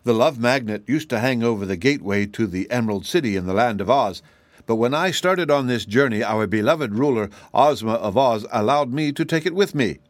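A man voicing a gentle, unflustered shaggy wandering man with a kindly, solemn manner in an audiobook. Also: medium pitch, animated, fairly quick, no echo, natural voice. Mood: reassuring. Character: calm, cheerful, whimsical shaggy wanderer man. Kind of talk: audiobook character voice.

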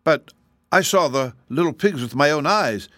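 A man's voice: mid-range voice, lively intonation, a little fast, no echo, studio quality, voice pushed up, close to an everyday voice. A man voicing a curious, thoughtful young boy asking questions in an audiobook reading.

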